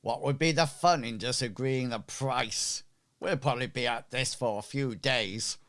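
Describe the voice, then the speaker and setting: A man's voice: mid-range voice, measured pace, fairly bright tone. A man voicing an easygoing male ship's quartermaster who enjoys haggling. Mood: amused. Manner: breezy, bargaining.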